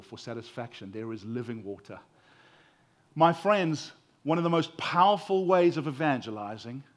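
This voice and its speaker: A man with a South African accent preaching a sermon, earnest and expressive, with emphasis that rises and falls. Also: on the high side.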